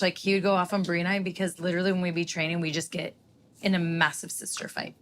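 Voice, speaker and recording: A woman's voice: lowish voice, level tone, fast, a bit bright. A woman guest on a podcast, chatting casually with many fillers. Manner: chatty, filler-heavy, laughs easily. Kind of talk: casual chat.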